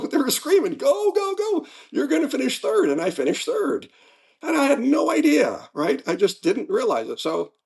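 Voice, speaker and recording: Guest, man in his seventies: slightly high, raspy-fry voice, animated anecdotes. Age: 70s. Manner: lively storyteller, acts out race moments. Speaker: guest athlete. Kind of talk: casual interview chat.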